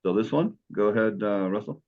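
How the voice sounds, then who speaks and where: A man's voice: fairly low pitch, a little fast, muffled recording. A man teaching Greek in an online class, patient and encouraging as he explains step by step.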